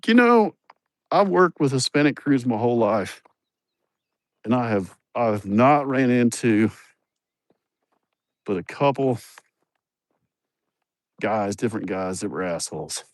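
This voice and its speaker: This livestream host talks slowly at a medium pitch, very animated and pausing often, with no echo. He's outdoors at a building site with a handheld phone, casually telling blunt, joking, profane stories.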